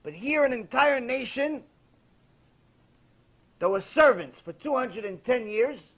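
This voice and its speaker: Male rabbi, very high voice, animated storytelling sermon with a sarcastic edge. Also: slow pace, husky. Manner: animated storytelling with acted quotes.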